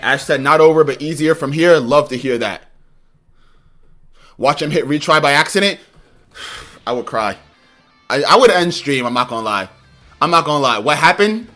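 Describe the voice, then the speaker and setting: A young man streaming a video game live, commentating in an excitable, rambling way and often laughing. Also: a little high. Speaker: gaming streamer.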